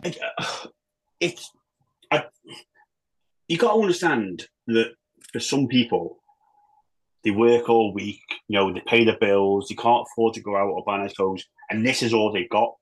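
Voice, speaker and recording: A man, a former footballer and manager, chatting as a podcast guest in an animated, rambling way, full of restarts and the odd swear. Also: fairly low pitch, a little slow, long pauses, husky, low-quality recording. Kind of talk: casual chat.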